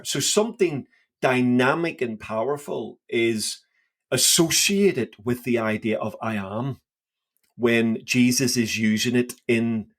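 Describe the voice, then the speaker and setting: A man's voice: mid-range voice, slow. A man co-hosting a casual Bible podcast, his voice sitting in a middling register. He talks with eager enthusiasm and keeps circling back over his own words as he works an idea out aloud. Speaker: podcast co-host.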